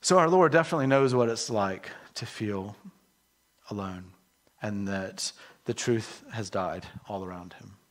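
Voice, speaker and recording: Earnest low-voiced male preacher. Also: measured pace. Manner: earnest, emotional preaching with shifts between soft and emphatic. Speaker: pastor. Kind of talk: sermon.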